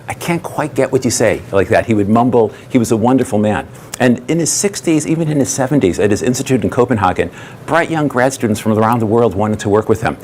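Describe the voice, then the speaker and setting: A man telling an anecdote in an animated way during a talk. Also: fairly low pitch, a little hiss or hum. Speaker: speaker. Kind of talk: storytelling talk.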